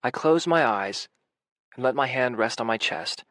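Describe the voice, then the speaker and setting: A man narrating a first-person romance audiobook in a quiet, intimate way. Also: medium pitch, animated, moderate pace, no echo.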